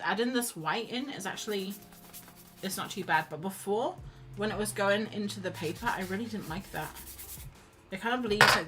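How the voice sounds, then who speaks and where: A woman's voice: medium pitch, pushed and bright, poor audio. A woman chatting casually and rambling as she paints on a stream. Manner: chatty, rambling, self-deprecating. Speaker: art streamer. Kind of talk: casual chat while painting.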